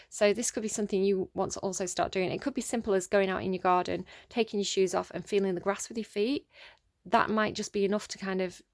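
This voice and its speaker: A woman giving a casual tarot reading, thinking aloud with many ums and restarts and growing excited over the cards. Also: mid-range voice, no echo, studio quality. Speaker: tarot reader.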